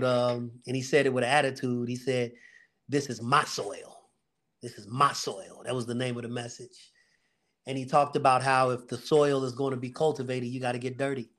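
A man's voice: medium pitch, little pitch movement, brisk. A middle-aged man, a security company owner, earnestly telling a faith-filled story of his struggles on a casual podcast, acting out the people in it.

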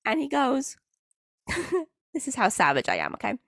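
A woman's voice: high-pitched, wildly swooping pitch, unhurried, fairly bright tone, dry recording, clean studio sound. A woman hosting a casual podcast, telling sarcastic stories with bursts of laughter. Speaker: podcast host. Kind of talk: casual chat.

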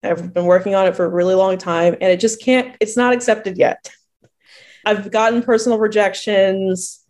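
A woman poet from New Jersey talks in a relaxed interview. She laughs easily and tells her stories with lively acted-out quotes. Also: mid-range voice, normal speed. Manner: chatty storyteller who laughs often and acts out quoted voices. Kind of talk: casual interview conversation.

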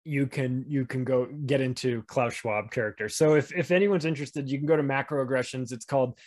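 A man's voice: mid-range voice, brisk. A man chatting on a podcast, telling rambling stories with lots of restarts. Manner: rambling, animated storytelling with frequent restarts. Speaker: podcast guest. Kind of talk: casual podcast chat.

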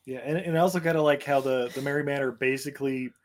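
A man's voice: medium pitch, fairly even intonation, fast. A man co-hosting a casual movie podcast, recapping scenes with lots of fillers and laughter. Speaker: podcast co-host. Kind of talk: casual movie review chat.

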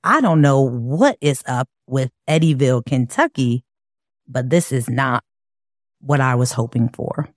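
A woman from Chicago telling her own life story in an earnest, measured, reflective way. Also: rumbling low, animated, no echo, studio quality. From Chicago, USA. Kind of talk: personal storytelling.

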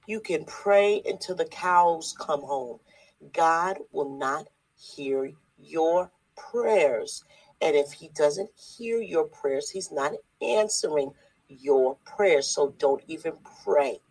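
Husky online preacher going off, blunt and scolding, says everything twice. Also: mid-range voice, lively intonation, slow, darkish tone, rough recording. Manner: emphatic and repetitive, with rhetorical questions. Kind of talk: preaching video.

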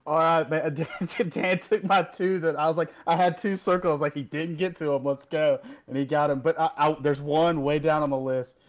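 A man co-hosting a sports podcast, chatting in a relaxed, rambling way. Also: a little high, moderate pace, hardly any pauses, highs cut off. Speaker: podcast co-host. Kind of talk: casual podcast chat.

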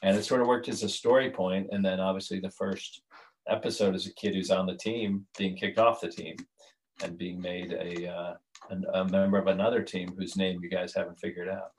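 A man's voice: low-pitched, level tone, a little fast, a little hiss or hum, rough recording. A man who is a writer and creator, talking as a podcast guest in a casual, rambling way with many restarts. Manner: rambling, restarts, laughs at his own jokes.

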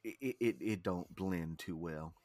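A man's voice: low-pitched, unhurried, a little mellow, dry recording, soft background music. A man chatting casually as a podcast co-host, telling stories in a laid-back way. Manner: laid-back storytelling, drawling repeats. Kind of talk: casual chat.

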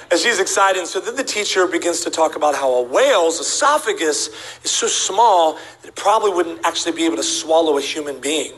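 A man's voice: fairly high pitch, brisk, rough recording. A man preaching a humorous sermon to a church congregation, telling stories and acting out the voices of the people in them. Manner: animated, acts out voices of people in his stories. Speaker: guest preacher. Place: church sanctuary before a congregation.

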